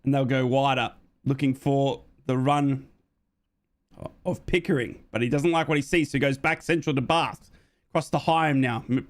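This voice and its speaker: Calling a football match live for a fan watchalong, a young Australian commentator chats with his viewers. When excitement hits, his voice leaps high and fast.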